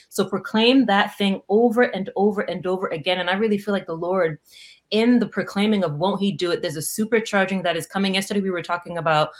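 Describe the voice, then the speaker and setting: Animated woman hosting a prayer livestream. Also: medium pitch, a little fast. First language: Haitian Creole. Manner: animated, laughing often, greeting viewers by name. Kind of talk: livestream devotional.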